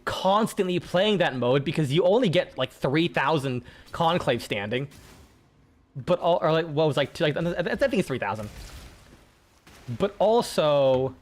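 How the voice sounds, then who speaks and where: A man's voice: on the high side, expressive, measured pace. A young man streaming a game and chatting casually, rambling with frequent restarts and plenty of swearing. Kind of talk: casual gaming chat.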